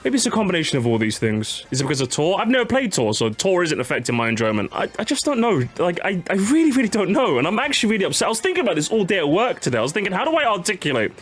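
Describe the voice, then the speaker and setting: A young man chatting casually on a live stream, animated and jokey, talking to his chat. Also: high voice, rapid-fire, hardly any pauses. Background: faint game music.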